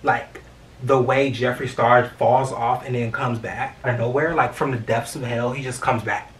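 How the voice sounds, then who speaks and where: A young man chats freely on camera, expressive and unfiltered, with constant fillers and swearing. He sits a little back from the mic. Faint room noise runs underneath. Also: medium pitch, moderate pace, far from the mic. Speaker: vlogger. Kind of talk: casual storytime chat.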